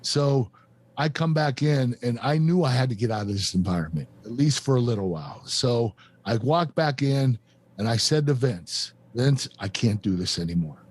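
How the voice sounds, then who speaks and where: A man in his fifties hosts a podcast and recounts a painful chapter of his life. He speaks earnestly and haltingly, circling back with fillers and restarts. His voice sits at an ordinary middle pitch. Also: animated. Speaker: podcast host and former wrestler. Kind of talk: emotional personal storytelling.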